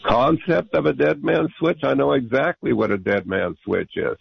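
A man's voice: medium pitch, normal speed, creaky, husky, no echo. A man calling in to a radio talk show, arguing insistently and repeating himself. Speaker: radio caller. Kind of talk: call-in radio debate. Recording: muffled radio broadcast.

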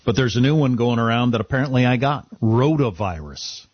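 Brief: male radio co-host, husky, lively pitch, wry chatty delivery, dry dull sound. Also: a little fast, no room sound. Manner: wry, animated, restarts a lot. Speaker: radio talk show co-host. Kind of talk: casual radio talk.

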